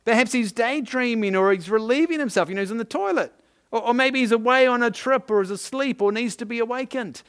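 A man voicing an ancient male prophet who loudly mocks and taunts his rivals in a raised, high voice. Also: a little fast. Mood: mocking. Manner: mocking, loud and high-pitched.

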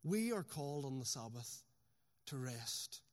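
A man, a pastor preaching a sermon with emphasis, slowing right down to stress his key phrases. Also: medium pitch, sing-song. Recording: long hall reverb.

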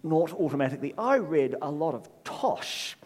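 Middle-aged New man, preacher; lively sermon delivery, voice slightly on the high side, wry asides. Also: moderate pace. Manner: animated storyteller with wry self-deprecating asides.

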